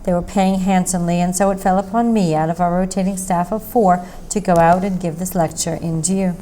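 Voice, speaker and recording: A woman reading a mystery short story aloud in a steady, measured narration. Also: fairly low pitch, slight background noise, rough recording. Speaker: story reader.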